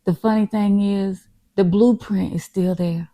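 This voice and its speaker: Woman co-host with a gravelly edge, middle pitch, affirming and supportive podcast talk. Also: steady tone, a little slow. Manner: warm, encouraging, affirming, calls listeners "y'all" and co-host "baby". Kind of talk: casual podcast chat.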